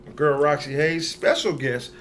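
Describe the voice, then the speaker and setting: A man's voice: fairly high pitch, fairly even intonation, moderate pace, a bit bright, faint music behind. A young man hosting a podcast, chatting casually in a playful, teasing, slangy way. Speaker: podcast host.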